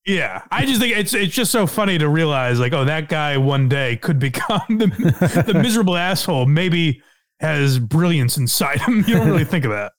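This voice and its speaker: A man's voice: a little high, lively intonation, moderate pace. A man hosting a podcast, chatting casually, laughing and using lots of fillers. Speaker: podcast host. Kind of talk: casual chat.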